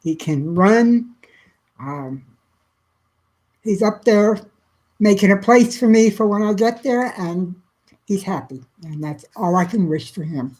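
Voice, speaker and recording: A middle-aged woman from Texas chatting on a livestream, answering viewers by name in a soft, emotional way. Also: medium pitch, lively intonation, unhurried, pauses often, poor audio. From South Central Texas. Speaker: livestream host. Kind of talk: casual livestream chat reading viewer comments.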